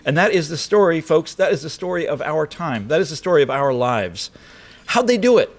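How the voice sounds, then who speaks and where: A man's voice: fairly high pitch, expressive, brisk. A man delivering a political address to an audience, emphatic and rhetorical, with wry asides. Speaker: speaker. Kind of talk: political speech. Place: lecture hall.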